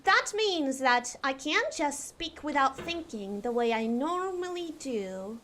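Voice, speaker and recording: A woman streamer putting on a posh British accent during a live game stream, playing a prim, proper English lady who speaks slowly and sounds out every letter and long vowel. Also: high voice, expressive, fairly bright tone, a little hiss or hum, heavily acted. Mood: earnest. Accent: put-on posh British (received pronunciation). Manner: slow, deliberate over-enunciation of every letter and long vowels.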